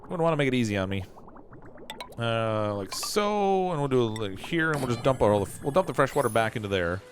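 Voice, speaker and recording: A man's voice: mid-range voice, expressive, fast talker, soft background music. A Canadian man streaming a game, thinking aloud and poking fun at his own messy builds. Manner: self-mocking, thinks aloud while building. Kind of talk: casual livestream commentary.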